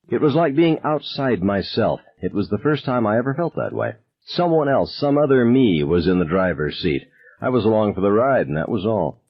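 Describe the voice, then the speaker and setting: A man's voice: low voice, slightly rough, dull audio. A man narrating a novel in the first person with intense delivery that rises with the tension. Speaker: audiobook narrator.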